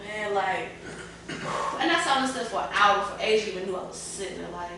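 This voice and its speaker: A woman talks openly and emotionally as a panel guest. She is heard from a distance in a very echoey room, with clear room noise behind her. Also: mid-range voice, expressive, a little fast, bright, forceful tone. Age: adult parent. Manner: candid, tearful at times, colloquial. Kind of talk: emotional casual panel talk.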